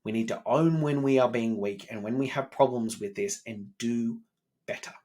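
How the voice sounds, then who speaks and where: A man's voice: mid-range voice, moderate pace, mellow. Man, 30s; candid, profane self-improvement vlogger talking to camera. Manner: blunt and profane, self-critical. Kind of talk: candid personal monologue.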